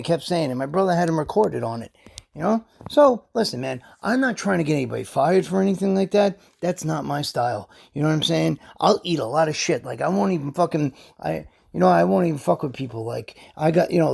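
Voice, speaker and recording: A man's voice: a little high, vocal fry, darkish tone. A man telling a long, rambling, profane story as a vlogger, heated and indignant, peppering every line with "you know" and "right?". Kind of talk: casual storytelling rant.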